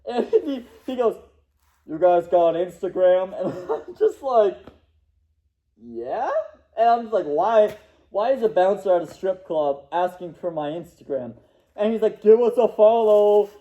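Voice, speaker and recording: Young man, high mellow voice, rambling storyteller, dull lo-fi sound. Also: animated, a little slow. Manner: rambling, laughing, acts out quotes. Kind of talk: casual storytelling.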